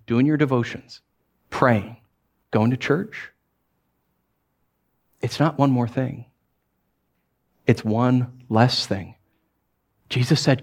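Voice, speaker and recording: A man's voice: mid-range voice, steady tone, slow pace, pauses often, darkish tone, husky. A male pastor preaching a sermon in a conversational, playful way, with self-deprecating humor and emphatic repetitions.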